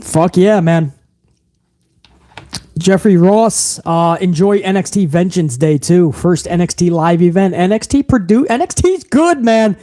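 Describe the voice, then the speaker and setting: A man's voice: sits high, a little slow, warm tone. A man hosting a live stream, reading viewer messages in a profane, hyped, emphatic way. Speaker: wrestling commentary streamer.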